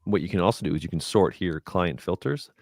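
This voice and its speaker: A man with a very low voice walks viewers through a casual tutorial, thinking aloud as he goes. His talk is chatty and unpolished. The sound is dry and close, with no room echo. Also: fairly quick, darkish tone. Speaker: guest presenter doing a screen-share.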